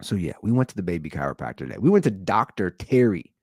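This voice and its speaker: A man in his thirties with a lowish voice that jumps all over the place, hosting a casual solo podcast from home. He rambles, going from loud bursts to muttered asides. The sound is dry and close. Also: fast talker, breathy edge, no room sound. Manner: animated, rambling, swings between loud bursts and low asides. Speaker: podcast host.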